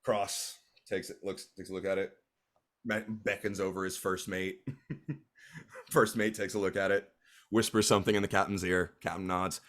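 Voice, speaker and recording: A man with a fairly low voice narrates a tabletop game as its game master. He talks hesitantly and leans on lots of filler sounds. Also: steady tone, moderate pace, a bit bright.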